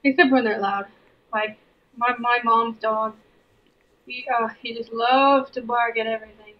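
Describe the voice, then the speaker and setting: A woman chatting casually over a voice call, giggling often and reacting quickly. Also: fairly high pitch, steady tone, muffled recording. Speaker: guest. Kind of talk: casual chat.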